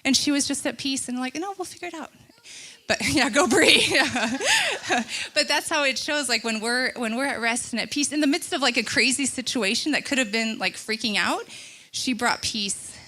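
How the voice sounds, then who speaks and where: A woman giving a sermon in a chatty, animated way, telling personal stories and laughing often. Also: sits high, moderate pace. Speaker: church speaker. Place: church stage.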